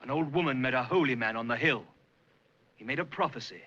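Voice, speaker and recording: A defiant young villager, his voice bright, sharp and ringing with urgency. The sound is dull and muffled, like an old film print. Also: medium pitch, a little fast.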